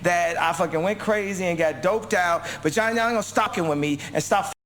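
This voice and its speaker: A man's voice: high-pitched, quick pace, fairly bright tone, a little hiss or hum. A man in a played interview clip, talking emphatically and swearing.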